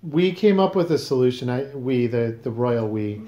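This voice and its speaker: A man's voice: mid-range voice, expressive, moderate pace, dark tone, roomy sound, muffled recording. A man hosting a casual podcast, questioning his guest in a teasing, mock-serious way. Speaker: podcast host.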